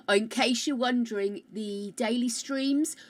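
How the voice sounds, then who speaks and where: A woman chats casually with her live-stream viewers on a close mic, loud and rambling, greeting people by name. Her voice is a little high.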